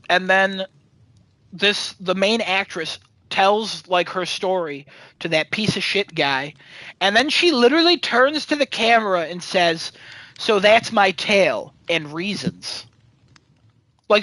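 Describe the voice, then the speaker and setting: A man's voice: sits high, bright, forceful tone, no room sound, rough recording. A man hosting a casual chat show, recapping a movie in a rambling, sarcastic way with lots of fillers and swearing. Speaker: podcast host.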